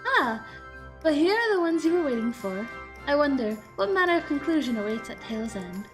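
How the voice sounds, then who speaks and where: A woman's voice: high voice, sing-song, fairly quick, faint music behind. A woman voicing a tiny, haughty female fairy ruler in a grand, playful, imperious way. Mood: solemn.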